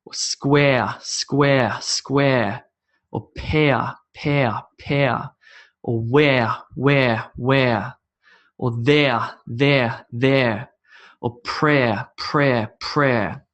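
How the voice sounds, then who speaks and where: A man's voice: mid-range voice, steady tone, very slow, fairly bright tone, highs cut off. A man with an Australian accent teaching English pronunciation, repeating each word three times. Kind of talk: pronunciation drill lesson.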